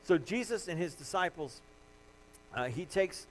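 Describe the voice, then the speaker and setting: A man preaching a sermon as pastor, reading scripture aloud and rising to loud, emphatic passages. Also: high-pitched, lively intonation, measured pace, slight background noise, poor audio. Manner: frequent fillers and restarts, reading scripture aloud.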